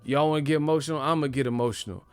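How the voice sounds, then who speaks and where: Faint music plays behind a man with a fairly high, steady voice talking very fast. Hosting his own channel, the boxing commentator rants casually about the sport, joking, swearing, and trash-talking.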